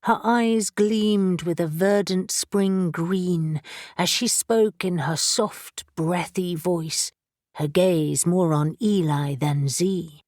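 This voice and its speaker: A woman reads an audiobook narration in a measured, even manner. Her voice sits somewhat low, and her pace is slow and unhurried. The sound is dry and close to the mic. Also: dry recording. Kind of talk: scripted narration.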